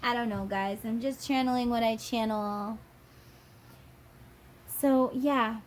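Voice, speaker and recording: Slow-talking, higher-voiced woman reading tarot. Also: steady tone. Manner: drawn-out, musing delivery that dips into acted quotes. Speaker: tarot reader. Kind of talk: channeled tarot reading to viewers.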